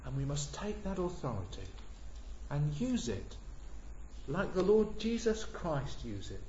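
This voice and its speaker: Forceful preacher in an echoey hall. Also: male voice, a little hiss or hum. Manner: swells loud on key words, drops low and soft between. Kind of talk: sermon. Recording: echoey hall, dull lo-fi sound.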